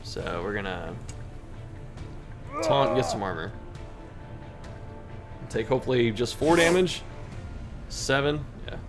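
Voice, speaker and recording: A man's voice: mid-range voice, big pitch swings, slow, pauses often, music in the background. Self-mocking man reading game text. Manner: self-deprecating, laughs at own mistakes. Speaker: gaming video host. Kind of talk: reading game text aloud and playing commentary.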